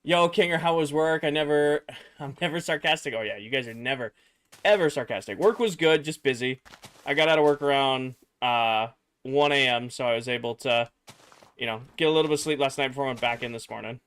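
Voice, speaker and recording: A man's voice: medium pitch, a little fast, clear, resonant tone. A young man, tired after work, chatting casually on a livestream and answering viewers while he builds. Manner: relaxed, chatty, reads chat aloud and mutters while building. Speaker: streamer.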